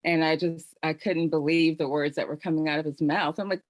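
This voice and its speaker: A middle-aged woman with a lowish voice shares a personal story on an online panel. Her delivery is earnest and heartfelt, with plenty of conversational fillers. The sound is dry and close, as if from a video call microphone. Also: steady tone, a little fast, few pauses, no echo. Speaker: panel host sharing her own story. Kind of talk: personal testimony on a virtual panel.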